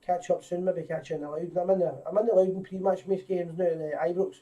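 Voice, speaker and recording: A man's voice: high voice, steady tone, fast, warm tone, recorded from a distance, highs cut off. Chatty Scottish man, set back from the mic. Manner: chatty, greets viewers by name, rambling with restarts. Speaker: host of a live fan show. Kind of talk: casual live-stream chat.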